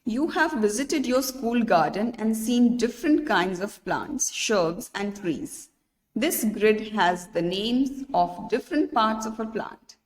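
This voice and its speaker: A woman's voice: mid-range voice, in a large hall. A woman teacher patiently walking pupils through a workbook lesson, spelling out letters, listing words one by one and checking in with "right?".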